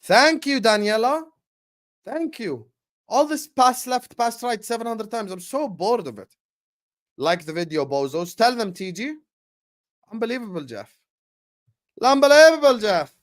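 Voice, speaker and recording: A young man hosting a live football watchalong, chatting with viewers and calling the play with slangy, excitable banter. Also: high-pitched, a little slow. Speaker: watchalong streamer.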